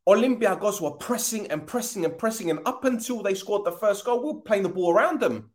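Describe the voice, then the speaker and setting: A man's voice: sits high, animated, brisk. A man hosting a football fan podcast, ranting angrily, swearing often and repeating himself.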